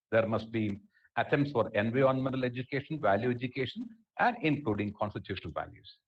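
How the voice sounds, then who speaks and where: A middle-aged man with an Indian English accent lectures over a webinar, hammering points home by repeating them. His pitch swings widely and his voice has a husky edge. The sound is dull and lo-fi, like a video call. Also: animated, normal speed. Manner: emphatic, repeats key phrases. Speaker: webinar speaker. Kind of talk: lecture on education policy.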